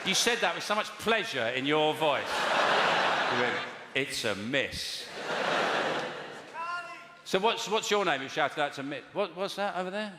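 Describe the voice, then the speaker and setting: Brief: male stand-up, deadpan rambler, lively swooping pitch, echoey hall, loud crowd noise. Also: fairly quick, hardly any pauses. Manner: rambling, deadpan storytelling with audience banter. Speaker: stand-up comedian. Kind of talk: stand-up comedy with crowd work. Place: live comedy venue with audience. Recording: echoey live venue, loud audience.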